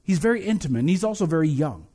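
A man preaching a conversational sermon, casual and joking, often restarting and repeating words, and reading a creed slowly. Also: on the high side, very animated, dark tone, breathy edge. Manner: recites the creed slowly and deliberately. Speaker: pastor.

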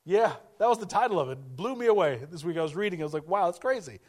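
A man with a high voice delivers a sermon to his congregation. He talks in a conversational way, repeats his key lines and acts out the voices of people he quotes. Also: expressive, racing, a little mellow. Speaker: pastor.

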